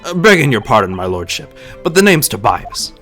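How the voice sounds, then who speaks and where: A gruff, indignant police inspector speaks in a lowered, clipped voice, as a man puts him on. He sounds curt and put out. Soft music hums faintly behind. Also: very animated, normal speed.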